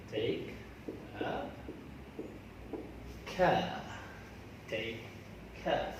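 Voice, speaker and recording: Slow Algerian man teaching English pronunciation. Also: on the high side, sing-song, slight background noise. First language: Arabic. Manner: slow, repetitive, drills words aloud. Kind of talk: classroom pronunciation lesson. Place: classroom. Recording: echoey classroom from far off.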